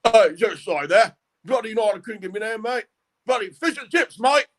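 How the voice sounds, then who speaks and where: A man's voice: high voice, lively intonation, normal speed, a bit bright, pitched above the performer's own voice. Comic bit: man playing a boisterous, twangy Aussie bloke. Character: rough, boisterous Australian bloke.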